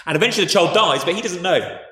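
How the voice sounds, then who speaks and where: A man preaching a sermon in a conversational, animated way, retelling a story with frequent restarts. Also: high voice, fast. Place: church. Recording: echoey church hall with faint noise.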